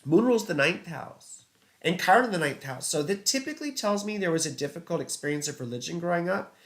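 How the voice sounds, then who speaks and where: A man's voice: a little high, expressive, quick pace, fairly bright tone. A man hosting a casual live-stream of astrology chart readings, chatty and rambling, filling his talk with "you know" and "right". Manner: reads viewer comments aloud and laughs at own slips. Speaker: astrologer host.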